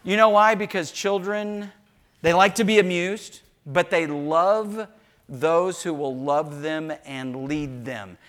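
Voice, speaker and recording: A man's voice: fairly high pitch, slow. An older man, a pastor preaching a sermon in church, telling homespun stories and joking with the congregation. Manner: animated storytelling with asides to the congregation. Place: church sanctuary.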